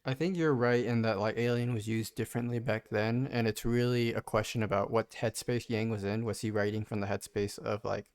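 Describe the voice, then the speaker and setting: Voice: medium pitch, fairly quick, few pauses, smooth, dry recording, studio quality. Thoughtful podcast co-host talking comics. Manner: thoughtful, restarts, animated when retelling. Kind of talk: casual comic book discussion.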